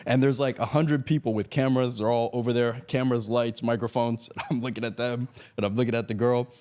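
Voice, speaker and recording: This Miami native is telling a story as an interview podcast guest, laughing a lot and performing the quotes with animation. His pitch is medium and his pace fast.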